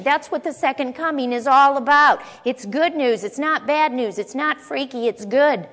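A woman's voice: high-pitched, normal speed, few pauses, fairly bright tone. A woman teaching a sermon, reading Bible verses aloud and explaining them in a conversational way with asides to her listeners. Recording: long echo of a large hall.

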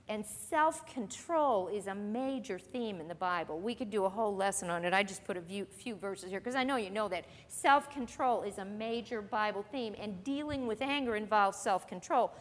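A woman with a medium-pitched voice and lively intonation, speaking at normal speed, teaches a Bible lesson to a group in a church meeting room. She's earnest and conversational, posing questions to her listeners, and the recording carries the long reverb of a hall.

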